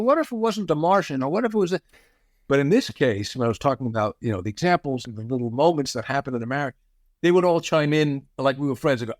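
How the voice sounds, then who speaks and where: A man's voice: medium pitch, no room sound, studio quality. A man in his sixties telling anecdotes in an interview, acting out the quoted voices with a chuckle. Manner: storyteller who acts out quoted voices, chuckling. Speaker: guest.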